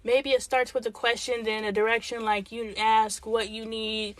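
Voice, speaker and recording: A woman's voice: fairly high pitch, little pitch movement, normal speed, a bit bright, dry recording. A middle-aged woman hosting a livestream, chatting frankly and thinking aloud as she answers viewers' comments. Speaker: livestream host. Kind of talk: casual livestream chat reading comments.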